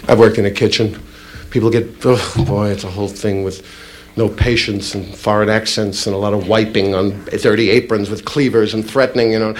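A man doing a stand-up comedy routine, telling a story with lively asides to a live audience. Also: mid-range voice, fairly quick, a crowd in the background, background noise. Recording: live club with loud audience laughter.

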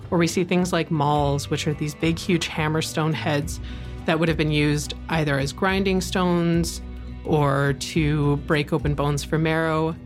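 A woman speaking in an interview, engaged and emphatic as she lists things out. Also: sits low. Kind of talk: interview explanation.

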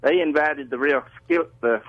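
A man's voice: fairly high pitch, normal speed, dry recording. A man calling in to a radio show, telling a story in a folksy way. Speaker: caller. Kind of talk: phone call-in chat. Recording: muffled phone line.

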